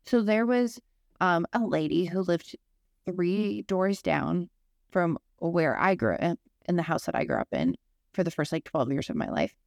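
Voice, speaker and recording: Young adult woman, podcast co-host, low gravelly voice, rambling casual storyteller, dry close mic. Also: expressive, unhurried, no room sound. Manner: rambling, digressive storyteller with lots of fillers.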